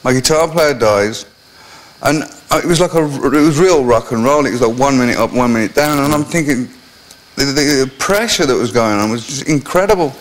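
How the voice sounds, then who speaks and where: A man's voice: mid-range voice, fairly quick, low-quality recording. A man telling rambling, self-mocking anecdotes as a guest on a chat show, with many restarts.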